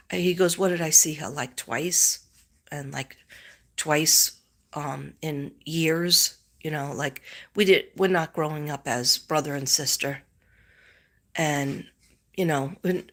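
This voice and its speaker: Rambling chatty woman, lower voice. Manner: rambling, chatty, animated retelling. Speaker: psychic livestream host. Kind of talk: casual live-stream chat.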